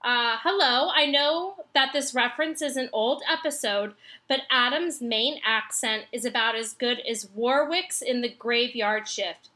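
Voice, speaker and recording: A woman on a comedy podcast, reading listener letters aloud in a measured, amused way. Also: fairly high pitch, sharp tone.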